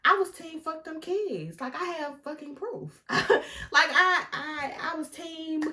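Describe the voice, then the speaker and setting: A young woman telling a casual storytime vlog, animated and often laughing, talking straight to her viewers. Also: very high voice, takes it slowly. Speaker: vlogger.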